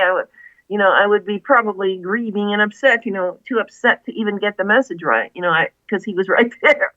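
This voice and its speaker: A woman's voice: mid-range voice, fairly quick, no room sound, narrow, tinny audio. A woman, an author guest, earnestly retelling a story in an interview, with many asides.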